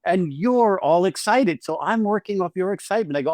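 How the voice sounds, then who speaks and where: A man's voice: high-pitched, expressive, moderate pace, hardly any pauses, no echo, studio quality. A man hosting a podcast as an acting teacher, talking casually and animatedly, swearing freely and acting out little scenes with quoted lines.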